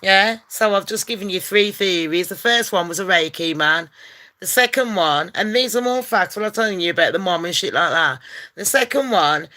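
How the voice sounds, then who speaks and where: A woman hosts a casual gossip vlog, talking in a brash, profane, rowdy way that bursts into loud rants. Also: medium pitch, lively intonation, normal speed. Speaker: channel host.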